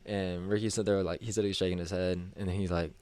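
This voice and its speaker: A man's voice: sits low, fast, smooth, no room sound. A man co-hosting a podcast, telling a story in casual chat and acting out the people in it. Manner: animated, acts out quoted people with a raised voice. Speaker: podcast co-host.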